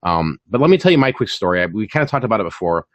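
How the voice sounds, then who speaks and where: Male host, casual and chatty, animated delivery, dry sound. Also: lowish voice, rapid-fire, dry recording. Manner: animated, chatty, full of fillers and repeats. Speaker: channel host and online reseller. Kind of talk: casual chat on a live stream.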